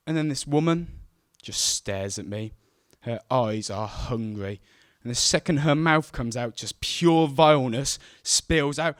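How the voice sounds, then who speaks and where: A young man telling a true story on stage, animated and self-mocking as he acts out the scenes. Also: mid-range voice, measured pace, few pauses, no echo, clean studio sound. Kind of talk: live storytelling to an audience. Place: stage at a live event.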